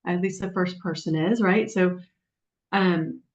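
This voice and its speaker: A woman coach telling client stories on a webinar, animated and acting out the voices of the people she quotes. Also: lowish voice, unhurried. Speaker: guest coach. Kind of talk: storytelling on a webinar. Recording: dull, lo-fi webinar audio.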